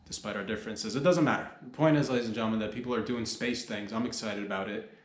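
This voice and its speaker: A man's voice: mid-range voice, fast talker, reverberant. A man hosting a comedy podcast, riffing in a loose, profane monologue full of slang and mock-panicked outbursts.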